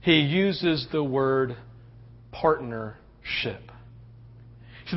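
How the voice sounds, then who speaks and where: A pastor preaching a sermon in a conversational, animated way, acting out quotes and often checking in with "right?". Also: male voice, on the high side, highs cut off.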